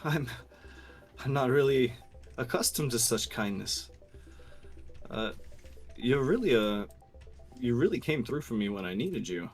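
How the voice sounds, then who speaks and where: A man's voice: mid-range voice, expressive, a little slow, long pauses. A man voicing a shy, grateful little halfling woman dancer in a tabletop game, with faint music behind.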